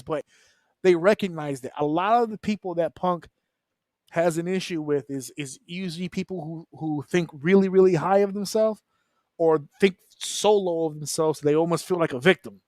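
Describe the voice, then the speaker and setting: A fairly high-voiced man holding forth on a wrestling panel show, loose and profane, jumping into little impressions of wrestlers as he argues. His voice sounds close and dry, with hardly any room around it. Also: dry recording. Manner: animated, profane, mimics wrestlers in quick asides. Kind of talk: casual round-table chat.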